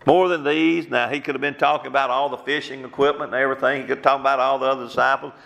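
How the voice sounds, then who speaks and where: A man's voice: medium pitch, steady tone, quick pace, vocal fry, a bit bright. A man preaching a sermon as pastor, using fervent rhetorical questions. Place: church sanctuary. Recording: long church hall reverb.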